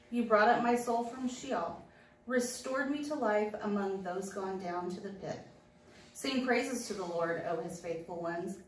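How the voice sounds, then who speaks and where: A woman reads a psalm in a liturgical style. She rises in pitch and volume on each invocation. Her voice carries from a distance through an echoey church. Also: slight background noise. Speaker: psalm reader.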